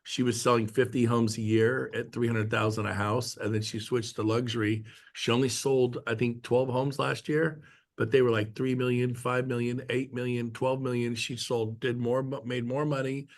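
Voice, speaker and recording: A man's voice: mid-range voice, little pitch movement, normal speed. Middle-aged man, chatty, jokey storyteller, casual team call. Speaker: guest speaker at a real estate team meeting. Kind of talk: casual talk on a video call.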